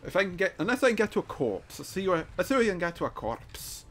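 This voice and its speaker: A high-pitched man commentates his gameplay live. His voice leaps all over the place, from low muttering to sudden yelps. He jokes and trash-talks his opponents. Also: quick pace, a little hiss or hum. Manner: excitable, swings from muttering to shouting; trash-talking, joking. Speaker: gaming YouTuber.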